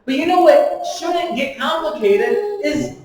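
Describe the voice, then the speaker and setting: A high-pitched male pastor preaches in a church sanctuary, his voice set back from the mic and ringing off the walls. He mixes jokes into the message and takes on the voices of the people in his story, now and then half-shouting. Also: measured pace, heavy reverb, recorded from a distance, a little hiss or hum, low-quality recording. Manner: animated and joking, voices the speakers in the story. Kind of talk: sermon.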